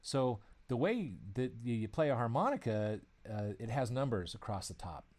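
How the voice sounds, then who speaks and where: A man's voice: medium pitch, expressive, normal speed, a little mellow. A male author telling a casual personal story in a rambling, self-amused way. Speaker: author discussing his book.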